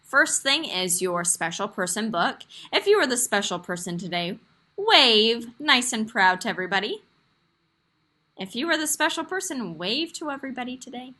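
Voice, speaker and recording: A woman teacher leading a young class over a video call, encouraging and expressive as she reads a story aloud. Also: a little high, moderate pace. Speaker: kindergarten teacher. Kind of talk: online class lesson.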